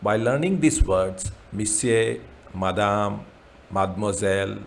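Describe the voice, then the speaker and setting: A man gives a beginner lesson, talking very slowly in a lowish, gravelly voice. He goes over each word patiently, one at a time, and a faint hiss sits under the recording. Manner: slow, repeats words with translations. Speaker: French teacher. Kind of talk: slow beginner language lesson.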